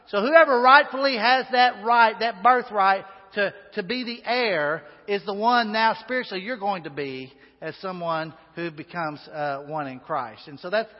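A man preaching a sermon in a church, folksy and chatty, with asides and fillers. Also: high-pitched. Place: church sanctuary. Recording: dull sound with long hall reverb.

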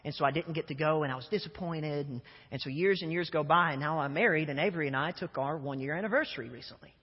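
A young male preacher with a high, husky voice tells stories in an animated way, often doubling his words as he goes. He is recorded in an echoey church hall, and the sound is dull and muffled. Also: fast. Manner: animated storyteller who often repeats words. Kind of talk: sermon with humorous storytelling. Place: church sanctuary.

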